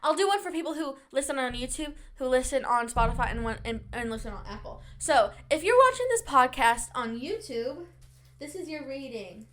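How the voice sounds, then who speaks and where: A woman's voice: high-pitched, expressive, a bit bright. Sniffly, bubbly young woman podcast host. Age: young adult. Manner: fast-talking, bubbly, says "like" a lot. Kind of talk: casual chat.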